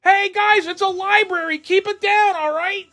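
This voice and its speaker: A man putting on the voice of a guy who can only talk in a strained, high-pitched yell since he was struck by lightning. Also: fairly even intonation, normal speed, faint music behind. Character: man stuck talking at a shout after a lightning strike. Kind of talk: comic bit on a solo podcast.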